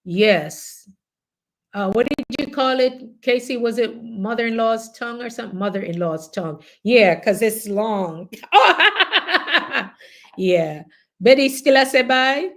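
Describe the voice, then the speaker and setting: A middle-aged Jamaican-accented woman hosts a casual group chat, her voice a little high and unhurried. She tells stories with plenty of laughter, animated and chatty.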